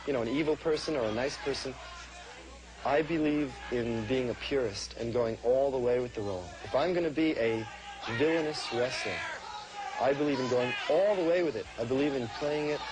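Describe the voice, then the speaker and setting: A man's voice: medium pitch, a little fast, low-quality recording. A man in an archival interview, speaking earnestly and insistently about his method. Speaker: comedian and wrestler.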